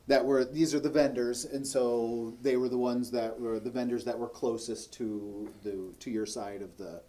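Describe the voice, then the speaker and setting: A man narrating as game master, easygoing and halting, often pausing mid-sentence. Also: mid-range voice, fairly even intonation, warm tone.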